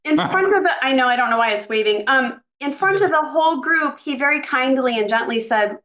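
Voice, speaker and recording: A woman's voice: high voice, expressive, a little fast, few pauses, a bit bright. A woman in her fifties, a career coach, chatting as a podcast guest and reflectively telling stories about her career over a video call. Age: 50s. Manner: reflective, storytelling, chatty with restarts. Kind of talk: casual podcast conversation.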